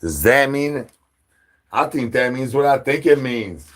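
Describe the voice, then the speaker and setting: A man's voice: mid-range voice, moderate pace. A man hosting a livestream, rambling in goofy nonsense wordplay and chants. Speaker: livestream host.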